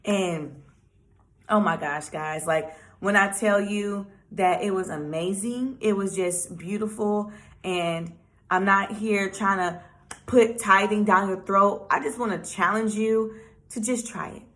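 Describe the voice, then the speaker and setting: A woman's voice: mid-range voice, takes it slowly. Chatty young woman telling a personal story. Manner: chatty, animated storytelling with many fillers. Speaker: vlogger. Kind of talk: casual personal testimony.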